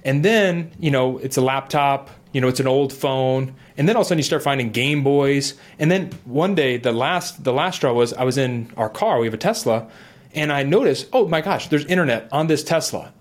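A middle-aged man earnestly telling his own recovery story in a talk, animated and acting out his inner voice. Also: mid-range voice, moderate pace. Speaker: guest sharing recovery story. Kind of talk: earnest personal testimony.

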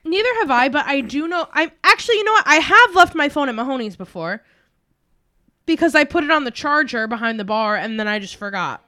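A woman's voice: high voice, animated, a little fast, pushed and bright, no room sound, clean studio sound. A young woman co-hosting a casual true-crime podcast, telling the case and drifting into chatty asides. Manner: chatty, recounts case facts then breaks into asides and giggles.

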